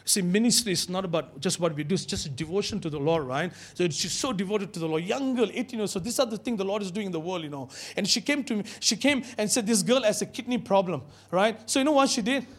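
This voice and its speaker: A man preaching a sermon in a church, animated and calling out to his congregation. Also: sits high, quick pace, few pauses. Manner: animated, call-and-response with congregation.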